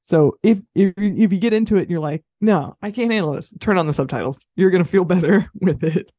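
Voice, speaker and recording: Woman chatting loosely about a movie, mellow tone, dry close mic. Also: on the low side, brisk, no echo. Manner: chatty, easygoing, laughs often. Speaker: podcast co-host. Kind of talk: casual film review chat.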